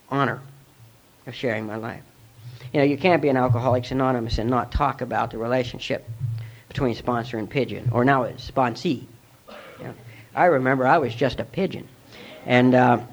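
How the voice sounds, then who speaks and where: A gravelly, middle-aged man talks through his testimony in an earnest, reflective way. His recording sounds dull and lo-fi, with the voice sitting at a medium pitch. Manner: earnest, reflective storytelling with plain fillers. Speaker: speaker at a recovery meeting. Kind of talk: personal testimony talk.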